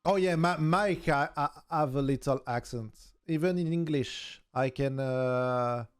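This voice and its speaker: A man with a southern French accent, a native French speaker, chatting casually as a streamer in halting English and searching for words. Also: mid-range voice, smooth. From southern France. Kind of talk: casual chat.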